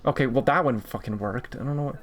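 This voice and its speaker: A man's voice: medium pitch, quick pace, fairly bright tone. A man streaming a map game, talking casually to himself, often frustrated and swearing. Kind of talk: casual gaming stream commentary.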